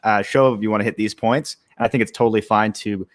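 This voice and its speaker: A man's voice: on the low side, fast, no echo. A young man, a startup co-founder, talking casually on a live stream with lots of fillers and restarts. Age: young adult. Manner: relaxed, many fillers and restarts.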